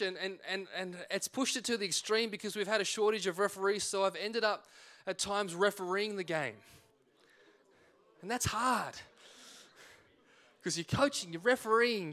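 A man, preaching a sermon and acting out a personal story with lively quoted voices. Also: sits high. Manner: animated storytelling, acts out shouts and quotes. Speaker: pastor.

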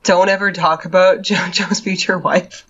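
A woman's voice: lowish voice, steady tone, normal speed, fairly bright tone, highs cut off. A woman in casual podcast chat who drops dry, wry remarks.

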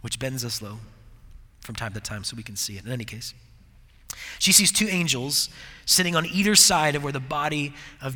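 A man giving a devotional sermon, reflective and earnest, often sinking to hushed tones to make a point. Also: medium pitch, long reverb tail. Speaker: preacher.

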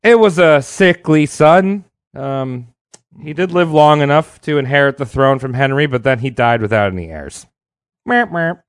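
A man's voice: medium pitch, normal speed, clean tone, dry recording, clean studio sound. A man hosting a podcast, telling history in a casual, irreverent, slangy way. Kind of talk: casual comedic storytelling.

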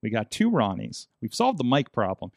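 Lively, jokey male podcast host. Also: medium pitch, moderate pace, vocal fry, no room sound, clean studio sound. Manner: jokey, rambling, laughs often. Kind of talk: casual chat.

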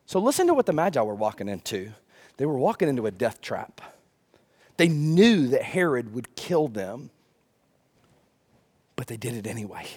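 A man preaching a sermon as pastor, animated, with rhetorical questions and humor. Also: medium pitch, normal speed, pauses often, breathy edge.

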